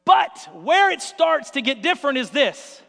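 High-voiced male preacher in a reverberant hall. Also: unhurried, gravelly. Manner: animated storyteller acting out scenes. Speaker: pastor. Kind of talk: sermon.

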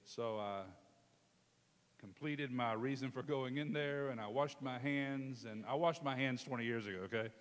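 A man preaching a storytelling sermon, animated and calling out to his congregation. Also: medium pitch, normal speed. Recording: long hall reverb.

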